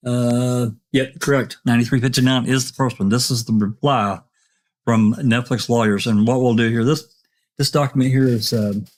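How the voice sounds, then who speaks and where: A man hosting an online open mic discussion, talking casually with many fillers and restarts. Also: medium pitch. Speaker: podcast host.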